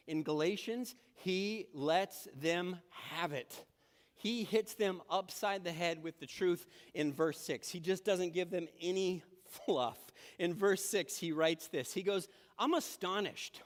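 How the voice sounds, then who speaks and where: Man preaching, storytelling, acting out quotes, high voice, long reverb. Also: measured pace. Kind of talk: sermon. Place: church sanctuary.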